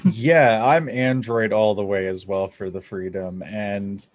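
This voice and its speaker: A young adult man from Canada hosting a podcast, talking in an excitable, rambling way and swearing freely. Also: lowish voice, measured pace. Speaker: podcast host. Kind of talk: casual podcast chat.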